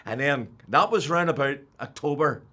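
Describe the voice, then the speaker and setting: An older man with a Northern Irish accent, telling his personal faith testimony as an animated storyteller who drops to a hush and then rises loud. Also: a little high, normal speed. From Northern Ireland. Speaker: testimony speaker.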